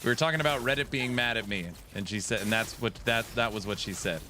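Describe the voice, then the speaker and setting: A man's voice: mid-range voice, fast talker, pushed and bright, soft background music. A man in his thirties streaming a game live, chatting and teasing in joking banter while he plays. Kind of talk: live gaming stream chat.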